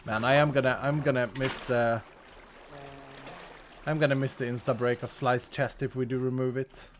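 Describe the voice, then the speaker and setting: A man's voice: mid-range voice, flat delivery, normal speed, background noise. A man streaming a game live, thinking aloud and answering his chat in easy commentary. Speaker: streamer playing a modded block game.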